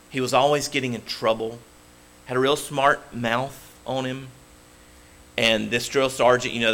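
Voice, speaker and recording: A man preaching a sermon as pastor, emphatic and swinging from loud declarations to hushed tones. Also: medium pitch, creaky.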